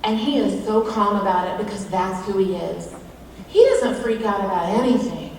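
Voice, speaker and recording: A woman's voice: medium pitch, normal speed, darkish tone, a little hiss or hum. A woman giving a humorous devotional talk at a women's event, chatty, with self-mocking asides. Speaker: featured speaker at a women's event. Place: large hall. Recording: echoey hall from far off.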